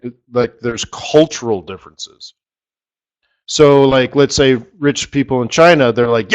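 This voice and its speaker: A man's voice: medium pitch, unhurried, clear, resonant tone. A middle-aged man hosting a live forex strategy session, rambling and repeating words for emphasis. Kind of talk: live trading webinar talk.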